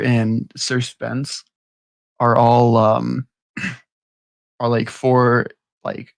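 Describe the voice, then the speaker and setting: A man's voice: medium pitch, vocal fry, dry recording. Young male podcast co-host, crude, rambling, dry close-mic sound. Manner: crude, laughing, rambling storyteller. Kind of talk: casual chat.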